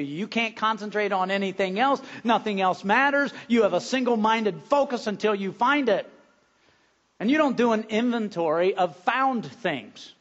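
Male pastor, high voice, earnest sermon delivery moving from hushed to loud, muffled lo-fi sound. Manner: earnest, repeats words, swings from hushed to loud. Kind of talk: sermon with storytelling and prayer.

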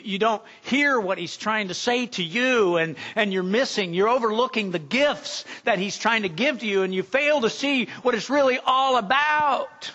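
A man's voice: sits high, sharp tone, muffled recording. A man preaching a sermon as pastor, talking conversationally, asking the congregation questions and repeating words as he goes.

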